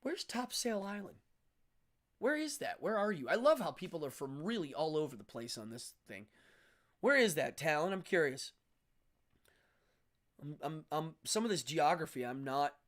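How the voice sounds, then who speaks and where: A man's voice: a little high, big pitch swings, moderate pace, pauses often. A middle-aged man hosting a casual livestream, chatting and rambling to viewers and reading their comments aloud. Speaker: livestream host.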